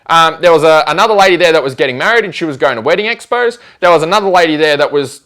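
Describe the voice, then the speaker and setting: Lively fast-talking man. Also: a little high. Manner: animated, acts out conversations in quoted voices. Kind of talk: casual storytelling chat.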